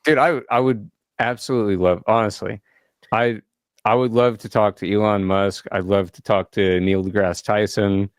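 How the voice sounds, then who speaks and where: A man's voice: lowish voice, fairly even intonation, normal speed, clean tone, no room sound. A man co-hosting a casual podcast from a studio, rambling and laughing often. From South Africa. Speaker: podcast co-host. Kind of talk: casual chat.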